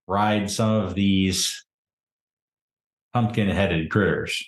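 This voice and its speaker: A man narrating a tabletop game as game master in a relaxed, easygoing way. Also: on the low side, slow pace, long pauses. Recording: roomy echo.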